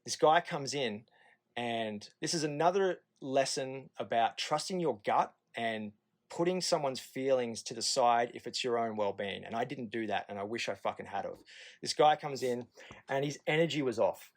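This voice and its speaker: A man's voice: mid-range voice, lively intonation, moderate pace. A man in his thirties with an Australian accent, telling a podcast story in a candid, profane way and acting out the nurses' lines. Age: 30s. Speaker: podcast guest. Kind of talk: casual storytelling.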